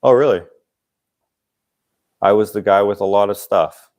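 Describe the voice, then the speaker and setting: Low-voiced man rambling on a livestream. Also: unhurried, darkish tone. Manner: rambling, chuckles often, acts out quoted people. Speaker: channel host. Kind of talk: casual livestream chat.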